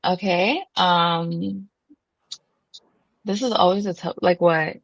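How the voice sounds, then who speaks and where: A woman guest chatting on a podcast interview. Her voice sits on the low side, with a loose, filler-heavy, easy flow, recorded dry and close to the mic. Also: steady tone, takes it slowly, no room sound, highs cut off.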